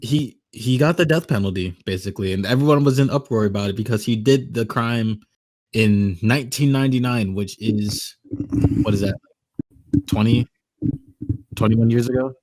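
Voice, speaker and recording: A young man co-hosting a podcast in a laid-back, slangy way, swearing as he talks. His voice is at an ordinary middle pitch for a man. The recording is dry and close. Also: moderate pace, a little mellow, no room sound, low-quality recording. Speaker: podcast co-host. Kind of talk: casual podcast chat.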